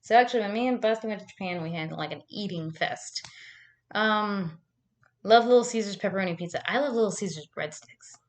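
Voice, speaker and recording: A woman's voice: mid-range voice, brisk. A woman vlogging at home into a camera mic, telling rambling, profane stories in casual chat with lots of "like". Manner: rambling, profane storytelling with frequent likes.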